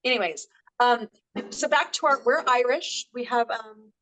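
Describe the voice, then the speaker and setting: A woman with a fairly high voice hosting a casual movie review chat. She rambles in a friendly way, full of ums and asides. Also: a little slow, a bit bright, poor audio. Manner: chatty, lots of fillers and laughs. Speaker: co-host.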